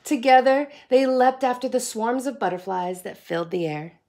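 A woman reading a picture book aloud to children in an expressive, sing-song way, like a teacher. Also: a little high, moderate pace, slight background noise. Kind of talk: storybook read-aloud.

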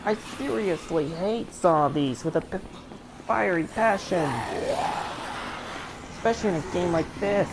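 A man's voice: high voice, brisk, hardly any pauses. A man commentating a zombie game as he plays, easily frustrated, swearing and talking back at the game. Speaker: gameplay commentator. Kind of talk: let's play commentary. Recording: loud game noise behind.

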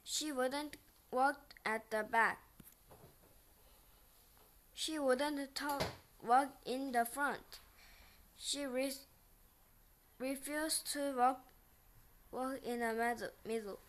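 Woman reading a kids' book, slow and stumbly, highish voice. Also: fairly even intonation. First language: Korean. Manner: slow, halting, frequent restarts on words. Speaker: picture book reader. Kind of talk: reading a children's picture book aloud.

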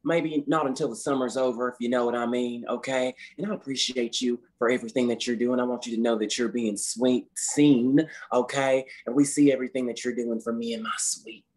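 A man's voice: medium pitch, fairly even intonation, brisk, hardly any pauses, a little mellow, lightly acted. A man playing a folksy, fussy office manager on a conference call who keeps tacking "okay?" onto his sentences. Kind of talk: scripted comedy sketch on a conference call.

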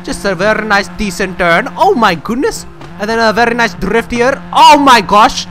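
A young man commentates his own gameplay in a high, bouncy voice that leaps all over the place. He brags and jokes, drops to mutters, then bursts into yells, with loud game music and engine noise under him. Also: moderate pace. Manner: excitable, boastful, jokey, swings from mumbling to yelling. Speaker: gaming channel host. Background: loud game music and car engine sounds.

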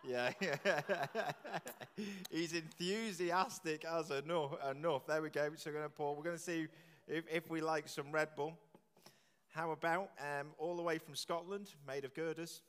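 A man leading a church service, jokily quizzing the congregation with quick questions. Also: a little high, fairly bright tone. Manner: jokey, chatty, quizzing the audience with quick questions. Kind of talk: playful all-age talk with the congregation. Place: large church with long reverb. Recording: echoey church from a distance.

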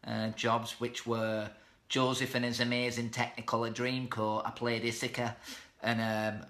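Thirties male host, self-deprecating live chat, crisp bright voice. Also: mid-range voice, steady tone, unhurried. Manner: chatty, reads out viewer comments, self-deprecating. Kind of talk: casual live-stream chat. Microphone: webcam or phone mic.

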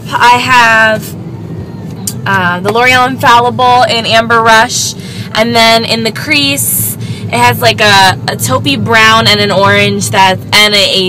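Chatty young woman vlogging over traffic noise. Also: a little high. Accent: American, slight East Coast trace. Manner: chatty and rambling, lots of fillers. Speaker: beauty vlogger. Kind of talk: casual chat to camera. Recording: noisy background with traffic.

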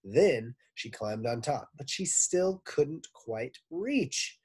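Animated husky male storybook reader. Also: medium pitch, slow. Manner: expressive, animated narration. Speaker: teacher reading aloud. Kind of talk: storybook read-aloud.

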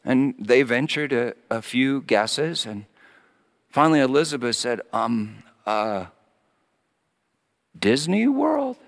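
A man's voice: mid-range voice, sing-song, slow, vocal fry, pauses often, big-room sound. A middle-aged male pastor preaching a sermon as a story, acting out his children's voices.

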